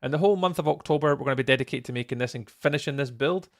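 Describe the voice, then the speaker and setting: A man's voice: mid-range voice, rapid-fire, dry recording, clean studio sound. A man hosting a live stream, chatting casually and rambling while he builds and greets viewers, tired and yawning. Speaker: livestreamer and server host.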